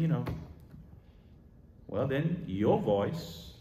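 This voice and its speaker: A man preaches a sermon in a church, his pitch rising and falling in lively, animated swings. He surges into loud declarations, then drops to quieter asides. The sound rings in a roomy, echoing hall. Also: slow, long pauses, recorded from a distance. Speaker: pastor. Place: church sanctuary.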